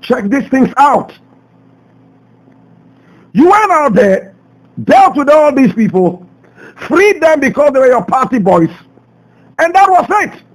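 A Ghanaian man hosting a radio show, delivering a passionate commentary full of rhetorical questions, swinging between loud outbursts and low asides. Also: big pitch swings, takes it slowly, long pauses, low-quality recording. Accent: Ghanaian English. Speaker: radio host. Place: radio studio.

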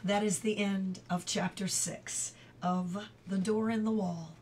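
A woman reads a chapter book aloud at a very slow, deliberate pace. She shapes her voice to the story and sometimes lowers it to a whisper. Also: fairly even intonation, a little hiss or hum. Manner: slow, careful, drops to a whisper for quiet moments. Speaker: reader.

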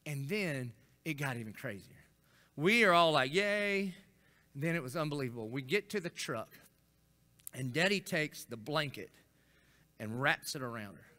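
A middle-aged man, preaching a folksy, animated storytelling sermon as a senior pastor. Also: mid-range voice, normal speed, pauses often. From Florida. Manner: folksy, animated storytelling with acted-out quotes and rising intensity.

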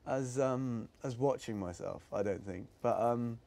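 A man's voice: medium pitch, a little slow, gravelly, mellow, dry recording. A young man from England, an actor answering pupils' questions in a casual, rambling, self-deprecating way with frequent laughs. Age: young adult. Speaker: actor guest. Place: school room with audience.

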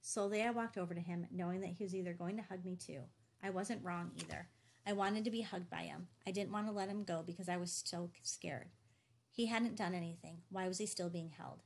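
Low, gravelly woman narrating a novel. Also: fairly quick. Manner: steady storytelling delivery. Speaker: audiobook narrator. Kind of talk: scripted first-person narration.

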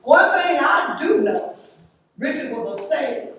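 A woman's voice: high voice, big pitch swings, slow, fairly bright tone, a little hiss or hum. A woman speaking at a memorial service, reading scripture and sharing heartfelt, emphatic memories. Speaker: eulogy speaker. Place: church or memorial hall. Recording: echoey hall from a distance.

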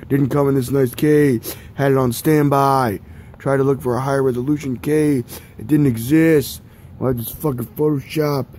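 A young adult man with a medium-pitched, slightly mellow voice rambles through a casual vlog showing off his DVD collection, with slight background noise. He swears a lot and keeps mocking himself.

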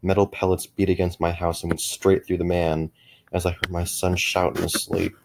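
A middle-aged man narrating a first-person horror story in a measured way, with frequent small restarts. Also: sits low, flat delivery, vocal fry, a little hiss or hum.

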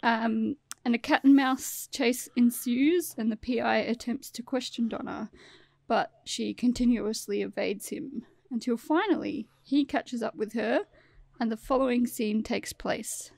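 Woman host, gravelly voice, dry close sound, retelling a plot. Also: on the high side, measured pace, a little mellow, no echo. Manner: laughing, storyteller. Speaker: podcast host.

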